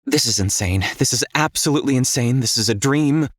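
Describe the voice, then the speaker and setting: A man's voice: mid-range voice, brisk, dry recording, clean studio sound, lightly acted. A man voicing a wounded young man on the run, breathless and disbelieving. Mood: panicked.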